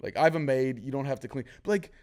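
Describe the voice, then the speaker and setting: A man hosting a casual podcast conversation, candid and storytelling, lively when he quotes others. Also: medium pitch, fast.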